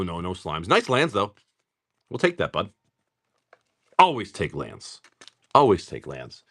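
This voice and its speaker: A middle-aged man hosting a card-opening livestream, rambling through stories and swearing freely between pulls. His pitch jumps around in a lively way. He talks at an ordinary middle pitch, in a relaxed, chatty way. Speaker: livestream card-breaking host. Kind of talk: casual chat while opening card packs.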